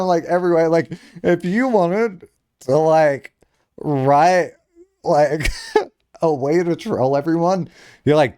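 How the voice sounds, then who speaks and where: A man's voice: a little high, slow, pauses often, mellow, clean tone, no room sound, clean studio sound. A young man streaming a game, chatting casually and rambling, with frequent giggles and lots of filler words. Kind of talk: casual live-stream chat.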